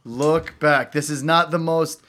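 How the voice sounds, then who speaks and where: Male podcast co-host, casual storyteller, slightly high voice. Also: a little slow. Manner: animated storyteller, swings his voice up and down. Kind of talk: casual chat.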